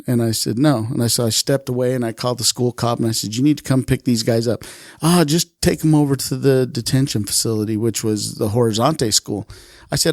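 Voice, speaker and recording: Animated storytelling man, dry close sound. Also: mid-range voice, brisk, dry recording. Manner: animated, swears freely, acts out quoted lines. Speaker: retired police officer, podcast guest. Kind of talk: casual storytelling.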